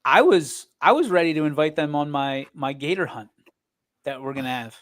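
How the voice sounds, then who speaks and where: A man's voice: a little high, lively intonation, normal speed, fairly bright tone. A man co-hosting a sports show, bantering casually, rambling and teasing his partner. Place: streaming studio.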